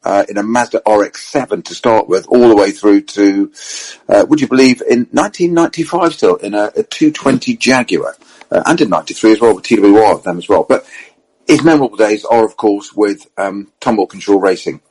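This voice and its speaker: Husky-voiced man telling racing stories. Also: on the low side, fairly quick, poor audio. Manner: animated storyteller, many fillers and asides. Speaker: motorsport storyteller on a panel. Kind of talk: casual anecdotal chat. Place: at a racing circuit event.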